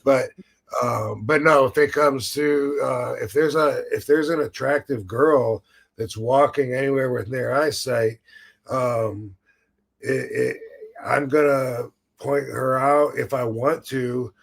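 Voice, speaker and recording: A man's voice: mid-range voice, steady tone, slow, creaky. A man hosting a podcast, telling a rambling story full of restarts and acted-out quotes. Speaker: podcast host. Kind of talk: casual chat.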